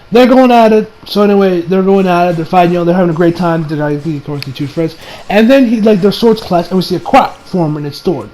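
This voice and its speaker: A man giving a casual recap and review of an anime episode, animated and exasperated, laughing and swearing as he talks. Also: sits high, a little hiss or hum, rough recording.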